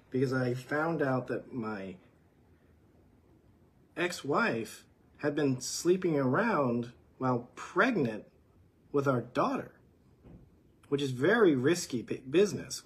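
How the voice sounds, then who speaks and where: A man telling his side of a story about his ex-wife in a halting way, with fillers and restarts. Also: mid-range voice, husky. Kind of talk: recorded personal story.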